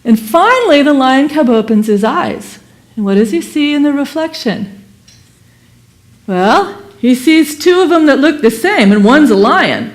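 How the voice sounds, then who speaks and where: A woman giving a Sunday service sermon and telling a parable in an animated, expressive way. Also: sits high, a little slow. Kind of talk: sermon with storytelling.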